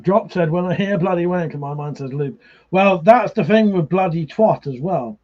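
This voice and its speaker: This drunk livestream host has a high-pitched voice and a moderate pace. Casual chatter, viewer comments read aloud, free swearing and frequent laughter fill the slightly muffled stream audio.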